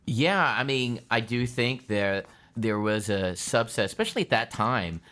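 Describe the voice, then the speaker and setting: A man being interviewed as an actor guest, telling stories in a lively way with frequent laughs and quick restarts. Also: mid-range voice, smooth. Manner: animated storytelling, laughs often, quick restarts. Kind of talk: casual interview chat.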